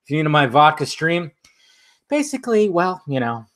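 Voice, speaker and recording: Male streamer, slightly high voice, loose and profane, casual live chat. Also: very animated, normal speed, a bit bright. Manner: loose, profane, drinking while talking.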